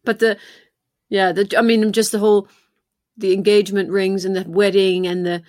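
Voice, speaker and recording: A woman with a Dutch accent talks casually on a podcast, hesitating and hunting for words as she goes. Her voice sits at a middle pitch, and the recording is dry and close. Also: little pitch movement, moderate pace, a little mellow, dry recording. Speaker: podcast co-host. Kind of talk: casual conversation.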